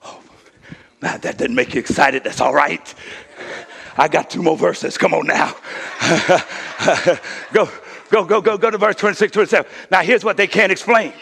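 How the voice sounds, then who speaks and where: High-pitched, bright-voiced preaching pastor. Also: male voice, brisk, gravelly, husky. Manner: preaching with call-and-response, repeated 'come on now'. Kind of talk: sermon. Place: church sanctuary. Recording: reverberant hall.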